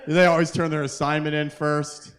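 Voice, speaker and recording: Guy rambling thru crude stand-up at an open mic, keeps restarting lines, bit higher voice. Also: flat delivery, fairly quick, fairly bright tone. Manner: rambling, self-interrupting, crude jokes to the crowd. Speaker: comedian and open mic host. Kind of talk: live stand-up comedy. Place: live open mic at a kava bar.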